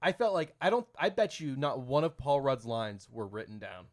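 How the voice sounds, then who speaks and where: A man's voice: medium pitch, big pitch swings, moderate pace. A young man co-hosting a casual podcast, rambling and correcting himself as he talks. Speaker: podcast co-host. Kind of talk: casual chat.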